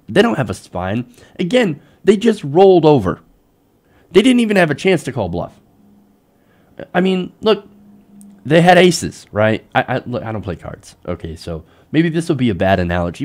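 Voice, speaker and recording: A male host delivers a heated political rant, his pitch leaping up and dropping low as he works himself up. He sounds exasperated and mocking, as if fed up with what he is talking about. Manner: animated, exasperated ranting with mocking quoted voices. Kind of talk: political commentary show.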